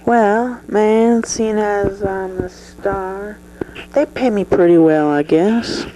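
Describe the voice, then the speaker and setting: A brash, high-voiced male movie star, put on by a performer in a comedy sketch. He swears at every turn, drops "man" into every sentence and drawls along slowly. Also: dark tone, a little hiss or hum, natural voice, rough recording. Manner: swears constantly and keeps saying "man". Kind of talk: improvised comedy sketch interview.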